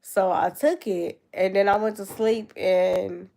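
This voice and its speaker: A woman's voice: medium pitch, fairly even intonation, slow, creaky, dark tone. A nineteen-year-old woman with a cold and a stuffed-up nose, rambling in casual chat with her viewers on a livestream. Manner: rambling, answering chat comments.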